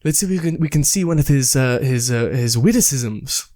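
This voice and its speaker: Young male co-host, animated pitch, eager storyteller. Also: brisk, dry recording, studio quality. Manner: animated storyteller, acts out bits from shows. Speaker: podcast co-host. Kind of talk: casual chat.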